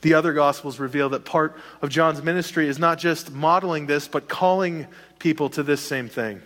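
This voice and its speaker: A man delivers a sermon with lively emphasis and the odd joking aside. His voice sits a little high for a man. It rings out with a long reverb, as in a large church hall. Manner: animated preaching with a joking aside. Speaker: pastor.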